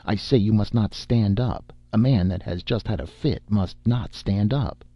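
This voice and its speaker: A man voicing a brisk young doctor who gives orders firmly. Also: fairly low pitch, dry recording, lo-fi sound. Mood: commanding. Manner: brisk and commanding.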